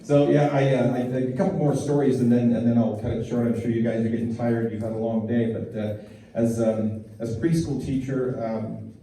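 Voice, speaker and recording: In an echoey hall, far from the mic, a middle-aged preschool teacher does stand-up, telling rambling, self-deprecating stories with many restarts. He speaks briskly with few pauses, in a warm, medium-pitched voice with fairly even intonation.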